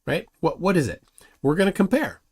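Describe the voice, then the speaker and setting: A man's voice: on the high side, sing-song, fairly quick. A man hosting a live stream, arguing combatively and mocking his opponent while reading chat comments aloud. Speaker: livestream host.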